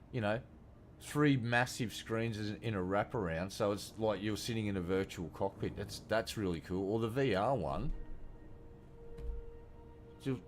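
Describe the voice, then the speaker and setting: Swearing Australian man, low voice. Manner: profane, ranting, blunt. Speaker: game streamer. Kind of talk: casual gameplay commentary.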